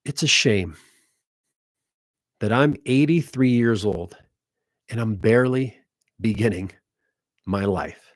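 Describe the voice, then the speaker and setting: A man's voice: fairly low pitch, takes it slowly, pauses often, no room sound, studio quality. A man voicing a grateful 83-year-old German woman in a put-on German accent, speaking in an emotional, thankful way.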